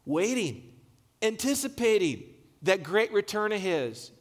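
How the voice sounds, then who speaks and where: A man's voice: sits high, big pitch swings, measured pace, in a large hall. A man preaching a sermon as pastor, talking in a conversational, emphatic way with casual asides to the congregation. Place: large church hall.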